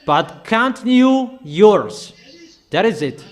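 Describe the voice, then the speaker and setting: Male preacher, high-pitched, emphatic and repetitive sermon delivery. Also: sing-song, takes it slowly, faint music behind. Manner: repetitive, emphatic declarations in plain broken English.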